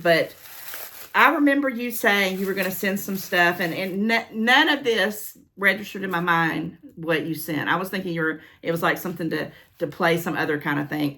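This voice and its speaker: A middle-aged woman vlogging as she opens gift mail, chatty and rambling, gushing to her friend and her viewers. Her voice is a little low in pitch but very bright and forward. She talks casually and spills into long stories. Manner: squealing with excitement. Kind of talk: casual unboxing vlog.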